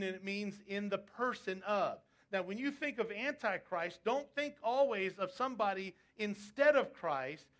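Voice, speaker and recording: A man's voice: high voice, a bit bright. A male preacher delivering a sermon, emphatic and asking his congregation rhetorical questions. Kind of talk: sermon on prophecy.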